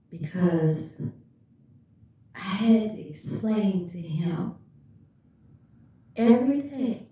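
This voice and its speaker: A woman's voice: medium pitch, slow pace, long pauses, mellow. A woman vlogger telling a personal story and speaking directly and emphatically to her viewers. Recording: echoey room, far from the mic, dull lo-fi.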